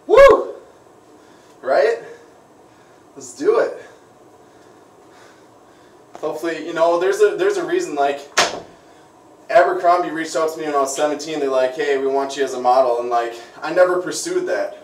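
A man's voice: fairly high pitch, normal speed, long pauses, distant mic, a little hiss or hum. A young man from Minnesota with a Minnesotan accent, talking in an upbeat, chatty way full of "like" and "you know" on a casual vlog. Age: young adult. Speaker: vlogger. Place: bathroom with shower. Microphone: phone or tablet camera. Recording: echoey room, voice off-mic.

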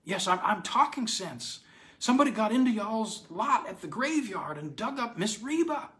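A man's voice: high-pitched, big pitch swings, normal speed, sharp tone, pitched above the performer's own voice, heavily acted. A man doing a frantic, wailing old man. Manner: wailing, breathless, stammering.

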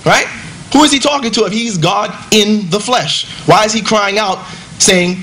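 A man stands up to rebut his opponent, talking in an emphatic, conversational way and firing off rhetorical questions. His voice sits high for a man. A faint noise runs underneath. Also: normal speed, pushed and bright. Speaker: debater. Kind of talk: debate rebuttal.

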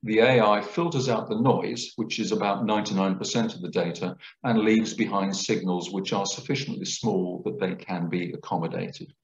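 A man giving a public lecture, explaining things clearly in a lecturing manner. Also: fairly low pitch, normal speed, hardly any pauses. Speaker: guest lecturer. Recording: roomy, dull lecture recording.

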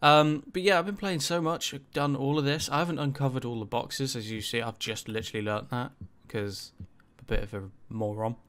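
A man's voice: mid-range voice, fairly even intonation, brisk, hardly any pauses, a bit bright, clean tone. Rambling man narrating his gameplay. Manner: rambling, full of ums and likes, casual swearing. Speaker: gaming channel host. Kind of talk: casual gameplay commentary.

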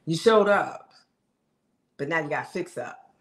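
A woman's voice: sits low, expressive, unhurried. A middle-aged woman coach giving an emphatic, conversational motivational talk straight to her viewers.

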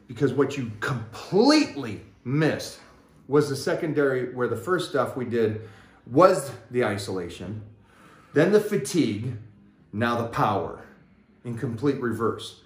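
A man coaching a workout in a gym, energetic and joking as he explains the exercises. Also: mid-range voice, normal speed. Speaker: fitness coach. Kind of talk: casual workout vlog coaching. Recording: roomy echoey gym.

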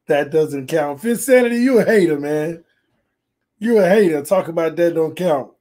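Hoarse, excitable man hosting a gaming stream. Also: sits high, unhurried, pauses often. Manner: excitable, trash-talking, reads chat comments aloud. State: hoarse, losing his voice. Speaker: sports channel host. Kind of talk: casual livestream gaming chat.

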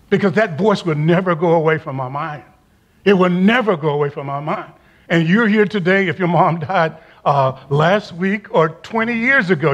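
An older man, a retired campus minister, preaching a chapel sermon, repeating key phrases for emphasis and often dropping into a quiet, intimate tone. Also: high voice, breathy edge.

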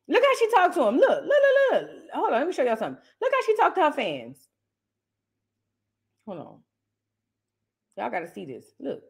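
High-voiced brash woman host. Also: wildly swooping pitch, moderate pace, gravelly, pauses often. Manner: brash, mocking and profane. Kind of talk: casual reaction commentary.

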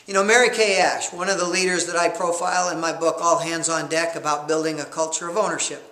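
A man coaching a leadership course, telling stories with animated energy in a motivational lecture. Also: on the high side, fast talker, echoey room. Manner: animated storyteller who acts out scenes.

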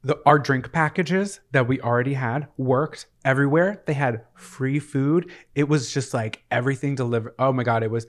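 A man's voice: mid-range voice, moderate pace, hardly any pauses. A man co-hosting a podcast in casual chat, a chatty and playful storyteller. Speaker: podcast co-host.

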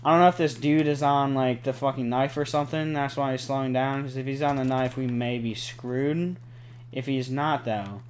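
A young man giving live gameplay commentary, excitable, cursing often and pleading with the game. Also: medium pitch, moderate pace, a little hiss or hum. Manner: excitable, swears a lot, pleads and groans at the game. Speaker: gaming channel host.

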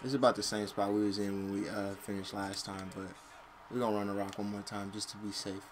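A man's voice: lowish voice, flat delivery, fast talker, crowd noise. A young man casually commenting on his football video game, talking in slang and cursing when plays go wrong. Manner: slangy, frustrated, yells and curses at the game. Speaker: gaming channel host.

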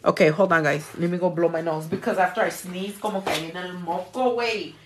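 A nail artist streams live from her home nail studio, chatting casually, swearing, and answering viewer comments as she works. Her voice is lowish with fairly even intonation, she talks fast, and there's slight background noise.

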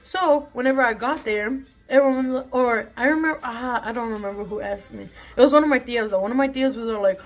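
A woman's voice: fairly high pitch, brisk, few pauses. A young woman telling a story in a casual vlog, chatty and rambling with lots of swearing, filmed on her phone at home. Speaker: vlogger. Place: bathroom at home. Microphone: phone camera.

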